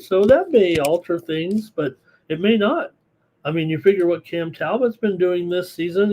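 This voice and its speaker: A hoarse man hosting a live sports betting show, thinking aloud through picks in a rambling, casual way. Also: a little high, darkish tone. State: hoarse, losing his voice.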